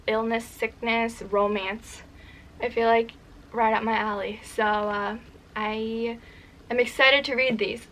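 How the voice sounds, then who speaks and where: Young woman in her 20s, slightly high voice, casual book-vlog chatter, stumbles when reading aloud. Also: a bit bright, slight background noise, low-quality recording. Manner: chatty, self-deprecating, stumbles over words while reading aloud. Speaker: book vlogger.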